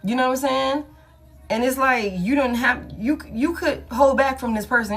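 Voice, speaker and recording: A woman's voice: high-pitched, moderate pace, slightly rough. A woman giving a casual collective tarot reading, blunt and slangy, swearing freely and hyping the listener up. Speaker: tarot reader.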